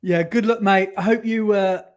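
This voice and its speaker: A man's voice: sits high, fairly even intonation, moderate pace. A man co-hosting a running podcast in casual chat, upbeat and chatty, with lots of fillers while reading listener messages.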